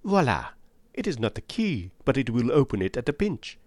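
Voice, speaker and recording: A man reading an audiobook, voicing a calm, precise elderly male Belgian detective with a put-on French-tinged accent. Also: mid-range voice, fairly quick, no room sound. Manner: precise, placid, calmly probing.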